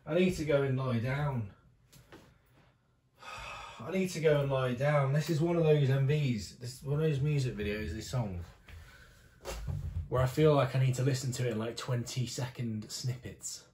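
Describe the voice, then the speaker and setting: A man's voice: mid-range voice, normal speed, pauses often, darkish tone, reverberant, slight background noise. A young British man reacting to a music video, gushing and exclaiming as he is overwhelmed, with some swearing. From Britain.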